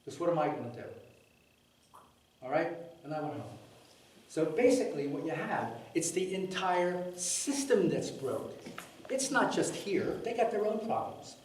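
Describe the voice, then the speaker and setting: A man's voice: on the high side, very animated, unhurried, a little mellow. Blunt, fed-up man in an echoey hall. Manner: blunt and exasperated, swears, acts out dialogue. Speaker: resident giving public comment. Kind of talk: blunt spoken anecdote at a public meeting. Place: large meeting room. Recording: echoey meeting room from far off.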